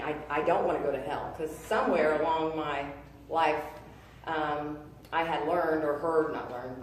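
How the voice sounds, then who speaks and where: Woman telling her testimony, low voice, halting with lots of ums, sounds far off in a big echoey room. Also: darkish tone, a little hiss or hum. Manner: halting, earnest, many fillers and restarts. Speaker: testimony speaker. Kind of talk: personal testimony.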